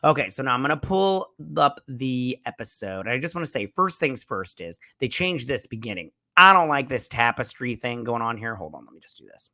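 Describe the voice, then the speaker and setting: A man's voice: medium pitch, big pitch swings, moderate pace, hardly any pauses, bright, forceful tone. A man hosting a show, giving a loose, profane, rambling recap of a TV episode with lots of fillers and restarts. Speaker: show host reviewing a TV episode. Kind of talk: casual rambling recap commentary.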